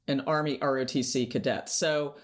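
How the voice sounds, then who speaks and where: A woman guest in an interview, telling stories in an animated way and laughing often. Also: extremely low pitch, normal speed. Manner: animated storyteller, laughs often, acts out quotes. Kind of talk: conversational interview storytelling.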